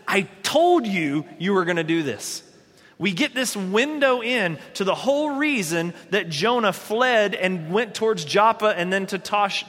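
A man's voice: high voice, bright, forceful tone, long reverb tail. A man preaching a sermon in a conversational way, retelling scripture in everyday speech. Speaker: pastor.

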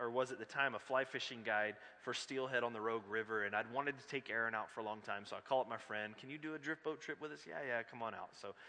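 A male pastor preaching a sermon in a church, reading scripture and telling a story in a conversational, animated way with joking asides. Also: medium pitch. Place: church sanctuary. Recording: long reverb of a large church hall.

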